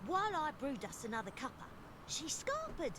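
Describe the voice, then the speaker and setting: A woman's voice: high voice, wildly swooping pitch, moderate pace, over a noisy crowd. An actress playing a cheeky, homely female mechanic with a slangy, chatty way of talking, in video game dialogue. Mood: breezy.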